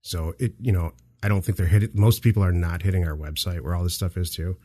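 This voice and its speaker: A man's voice: low-pitched, steady tone, quick pace, mellow. A man hosting a podcast, chatting in a rambling, jokey way with many restarts. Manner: rambling, self-interrupting, jokey. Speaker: podcast host. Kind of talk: casual chat. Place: dark office.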